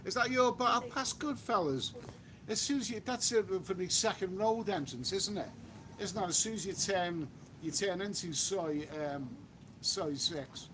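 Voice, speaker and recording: A fairly high-voiced English man rambles through a casual live stream from the seaside, restarting sentences and tossing in mild swearing. Faint outdoor ambience sits behind his voice. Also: measured pace, a bit bright, a little hiss or hum. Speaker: travel vlogger live-streaming. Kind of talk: casual live-stream chat reading viewer comments. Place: outdoors by a beach.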